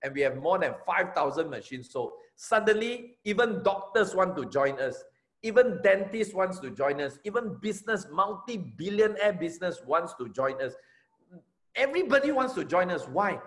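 High-voiced, energetic Malaysian man. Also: moderate pace. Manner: energetic, emphatic, repeats key phrases. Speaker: network marketing trainer. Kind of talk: motivational talk.

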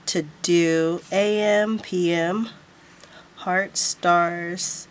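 A woman's voice: lowish voice, fairly even intonation, very slow. A woman vlogger showing off planner stickers in a casual haul, gushing and repeating how cute everything is.

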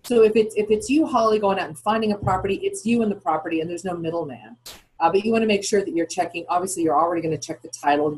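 A woman's voice: lowish voice, darkish tone, breathy edge, low-quality recording. A woman guest on a podcast interview, explaining things in a chatty way and posing questions to herself as she goes. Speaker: guest, founder of retirement account custodian.

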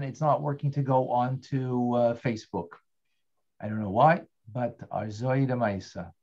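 A man of middle pitch teaches an online Torah class in a relaxed, conversational way. He keeps putting questions to his students and thanks them by name. The sound is slightly dull and lo-fi.

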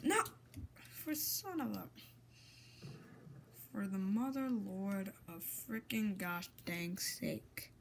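A woman commentating her own gameplay, excitable and exasperated, swapping in mild minced oaths. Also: medium pitch, slow, creaky, long pauses, slight background noise. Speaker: gamer.

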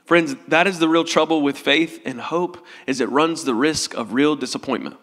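A man's voice: on the high side, moderate pace, hardly any pauses, a bit bright, long reverb tail. A male pastor preaching a sermon in an earnest, tender way, in a church sanctuary.

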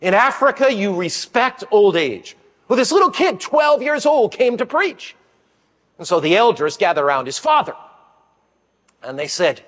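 An older man preaching a sermon, an animated storyteller who acts out the voices of children and other people in his stories. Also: high voice, normal speed. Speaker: pastor. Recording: long hall reverb.

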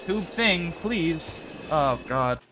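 A young man with a slightly high voice runs through a game while he talks, coaxing the characters on screen and swearing under his breath. Game music plays softly behind him. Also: expressive, extremely slow. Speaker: gaming YouTuber. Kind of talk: casual gameplay commentary.

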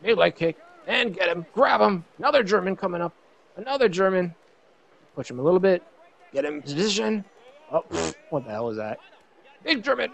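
A young man giving excited let's play commentary on a fighting game, shouting and laughing at the big hits. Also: fairly high pitch, fairly quick, creaky, soft background music. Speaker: gaming YouTuber.

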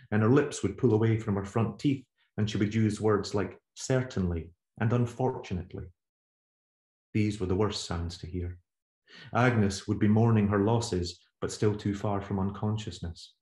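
A man, the author, reading aloud from his novel in a measured, steady voice. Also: lowish voice. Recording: roomy echo.

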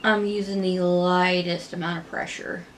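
A woman talking casually at home as she walks through a makeup tutorial step by step, chatty and gushing but gentle. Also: lowish voice, little pitch movement, moderate pace, slight background noise.

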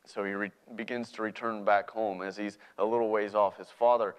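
A man's voice: fairly low pitch, level tone, a little fast, smooth. A man preaching a sermon in a conversational way, often checking in with his listeners. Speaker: pastor.

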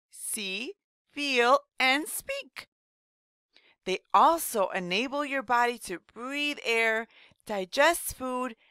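A woman voicing a cheerful rhyming woman children's doctor, explaining slowly and gently to young children in a scripted read-aloud lesson. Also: on the high side, clear, resonant tone, no room sound, clean studio sound, full character voice.

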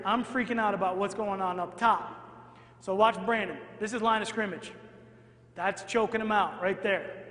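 A man coaching at a football clinic, walking an audience through game film in an energetic, animated way and checking in with them often. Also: high voice. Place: large hall in front of an audience. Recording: echoey hall with long reverb.

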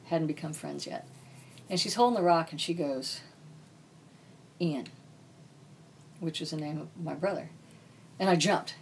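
A woman's voice: low-pitched, normal speed, a little hiss or hum. A woman author, a podcast guest, telling a personal story in a blunt, casual way and swearing freely. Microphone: podcast mic.

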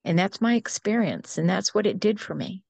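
An older woman telling a personal story as an interview guest, earnest and unhurried, with small restarts. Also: mid-range voice, vocal fry, a little mellow, dry recording.

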